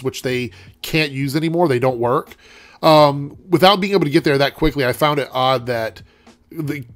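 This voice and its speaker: A young man hosts his own show and gives a rambling, chatty review of a TV episode, dropping frequent ums. His voice is congested and medium in pitch, with no echo.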